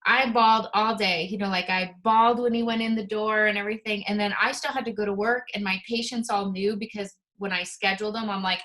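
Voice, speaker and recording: Bright-voiced American mom, rambling. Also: female voice, medium pitch, fairly even intonation, a little fast, hardly any pauses, low-quality recording. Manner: rambling, emotional storytelling. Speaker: interviewee, dental hygienist. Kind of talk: casual interview conversation.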